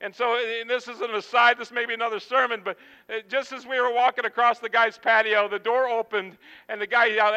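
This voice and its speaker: Middle-aged male pastor, smooth resonant tone, chatty sermon anecdotes. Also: very high-pitched, fairly even intonation, quick pace, bright, forceful tone, long reverb tail, highs cut off. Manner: folksy, rambling, acts out quotes. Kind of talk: storytelling sermon.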